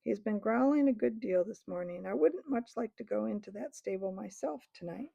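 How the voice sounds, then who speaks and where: A woman's voice: medium pitch, expressive, normal speed, creaky, no echo. A woman voicing a scheming, jeering male ape who taunts and bullies the crowd of beasts in a storybook reading. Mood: menacing. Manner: sneering, taunting, shouting orders. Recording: dull lo-fi recording.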